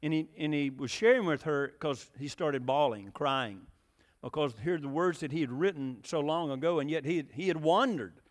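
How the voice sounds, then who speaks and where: A man's voice: on the high side, expressive, normal speed, big-room sound. A man preaching a sermon in a folksy, storytelling way, with many fillers and questions to the congregation.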